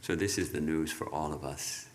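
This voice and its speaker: A man giving a reflective sermon, speaking in a measured way with halting restarts. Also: very deep voice. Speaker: monk giving a talk.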